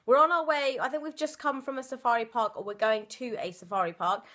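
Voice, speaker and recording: A woman's voice: on the high side, fairly even intonation, brisk, fairly bright tone. A young woman, chatting through a storytime vlog, giggly and full of fillers. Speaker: vlogger. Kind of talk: casual storytime chat.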